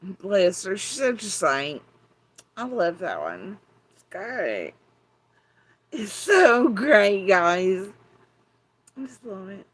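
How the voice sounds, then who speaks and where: Appalachian woman with a deep voice, cussing and sarcastic, ranting straight at the camera. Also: very animated, slow, breathy edge. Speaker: vlogger. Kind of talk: angry monologue to camera.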